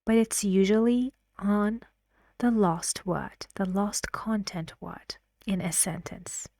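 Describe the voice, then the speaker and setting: Slow, patient woman teaching English. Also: mid-range voice, warm tone, no echo. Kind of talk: explaining an intonation lesson.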